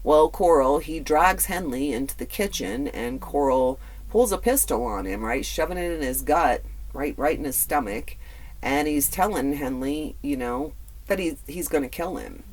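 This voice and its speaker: A man's voice: on the high side, animated, moderate pace. A man hosting a true crime podcast, telling the story in a casual, conversational way with blunt, profane asides and lots of fillers. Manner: filler-heavy, repeats words.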